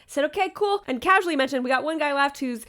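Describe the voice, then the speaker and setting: Woman, wedding planner, high bright voice, chatty storyteller aside-heavy vlog delivery. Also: fast talker.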